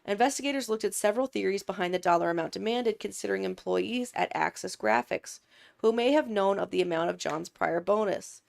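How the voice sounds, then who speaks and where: A woman's voice: mid-range voice, a little fast, creaky, darkish tone. A woman co-hosting a podcast, steadily reading a true crime script with self-conscious asides. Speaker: podcast co-host.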